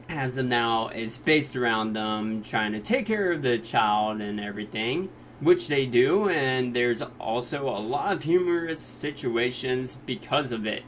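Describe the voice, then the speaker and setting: A man of ordinary pitch talks through anime episodes in a casual, joking recap. Now and then he slips into the characters' lines. A faint hiss runs under the recording. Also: a bit bright. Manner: jokey retelling, quick quoted voices of characters. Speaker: anime reviewer.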